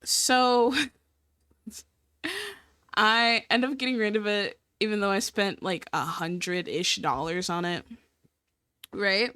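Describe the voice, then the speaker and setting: A woman telling a casual story to camera in an animated, profane way, laughing often and checking in with the viewer. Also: medium pitch, takes it slowly, pauses often, smooth, no room sound. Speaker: storytime vlogger.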